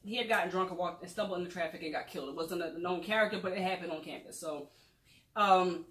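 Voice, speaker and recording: A woman's voice: fairly low pitch, fast, fairly bright tone. A woman hosting a casual book discussion, retelling scenes and acting out the characters' lines. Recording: echoey room.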